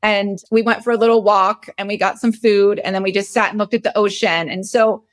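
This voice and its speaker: A woman's voice: medium pitch, fairly even intonation, a little fast. Tired, candid woman in her forties. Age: 40s. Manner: candid, emotional, rambling with restarts. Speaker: podcast host. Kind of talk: casual personal storytelling.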